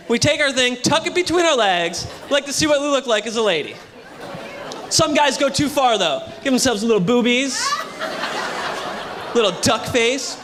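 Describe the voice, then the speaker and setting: A man doing a loud, punchy stand-up comedy set on a hotel ballroom stage, with a live audience audible. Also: very high voice, background noise. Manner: loud, punchy delivery to a crowd.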